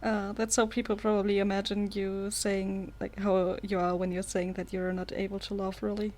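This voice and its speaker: A woman's voice: medium pitch, level tone, normal speed, darkish tone. A woman with a mid-range voice co-hosts a casual art podcast. She teases her co-host and jokes around, laughing easily as she talks. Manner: teasing, playful, laughs often. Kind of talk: casual chat.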